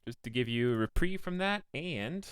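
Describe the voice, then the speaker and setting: A man casually chatting through a live game stream at home, animated and chuckling often. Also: medium pitch, normal speed, slight background noise.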